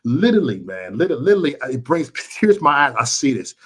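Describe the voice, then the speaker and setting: A man's voice: mid-range voice, big pitch swings, fast, breathy edge. A man from Chicago ranting bluntly and profanely on a vlog livestream, preachy and repetitive, talking to his chat viewers. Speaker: vlogger and livestream host.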